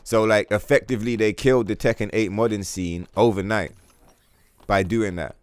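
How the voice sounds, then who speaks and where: A man streaming a game and chatting casually, rambling and animated, swearing freely and using slang. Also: fairly low pitch, normal speed, clear, resonant tone, dry recording. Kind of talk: casual livestream chat while gaming.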